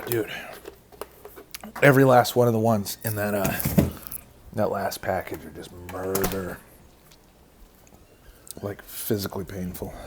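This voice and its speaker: With a low-leaning voice over a noisy background, a man provides casual, profane commentary for his own video. The chili peppers' heat pains him, drawing groans, hums, and sighs.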